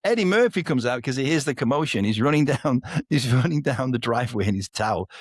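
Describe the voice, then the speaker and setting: A man chatting as a podcast guest, with the voice recorded close and dry. He tells stories with energy, swears freely and acts out the people in them. His pitch sits in an ordinary middle range. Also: expressive, fast talker, hardly any pauses, breathy edge, no echo. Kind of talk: casual storytelling chat.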